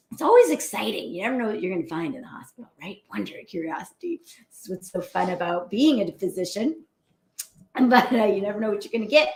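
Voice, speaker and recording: A woman physician hosting a show, giving a casual motivational talk in a lively, chatty way and laughing often. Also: medium pitch. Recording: roomy echo.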